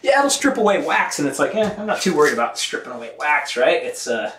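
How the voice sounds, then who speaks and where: A man's voice: fairly high pitch, big pitch swings, fast talker, fairly bright tone, a little hiss or hum. Casual american guy chatting to his stream, laughs a lot, echoey room. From United States. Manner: chatty, laughs often, reads out viewer comments. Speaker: mountain bike vlogger washing his bike on a live stream. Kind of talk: casual live-stream chat.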